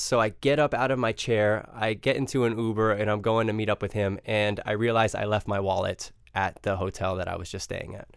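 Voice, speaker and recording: Male podcast guest, smooth resonant voice, easygoing storyteller, dry mic. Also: fairly low pitch, moderate pace, dry recording. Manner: relaxed storytelling with ums and self-mocking jokes. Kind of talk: casual chat.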